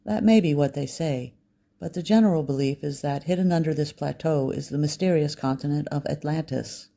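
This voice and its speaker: A man reading the lines of a blunt, impatient local man, with a gravelly, mellow voice. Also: fairly high pitch, fairly quick.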